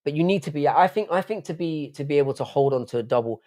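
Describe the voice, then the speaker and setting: His voice is on the high side with a darkish tone, and he speaks quickly and animatedly. This UK man hosts a late-night live stream, rambling casually, swearing often, and answering chat out loud.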